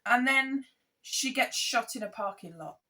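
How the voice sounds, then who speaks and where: A woman co-hosting a podcast in casual chat, animated and exasperated as she rants. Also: on the high side, unhurried. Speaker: podcast co-host.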